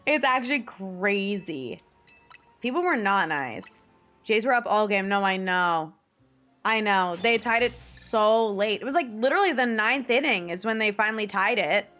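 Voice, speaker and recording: A woman's voice: mid-range voice, animated, a little slow, long pauses, fairly bright tone, faint music behind. A young woman from the New area, chatting casually to her stream viewers, swearing freely and laughing often. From New York / New Jersey area. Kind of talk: casual chat to viewers while gaming.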